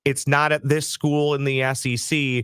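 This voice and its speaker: A man's voice: medium pitch, level tone, moderate pace, a bit bright, smooth, dry recording, studio quality. A man co-hosting a sports chat show, talking earnestly and building his point through repetition. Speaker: sports podcast co-host.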